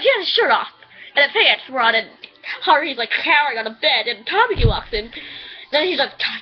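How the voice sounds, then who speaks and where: A woman rambling casually through a review, chatty and quick to swear. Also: sits high, husky. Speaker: anime reviewer. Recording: dull lo-fi home recording.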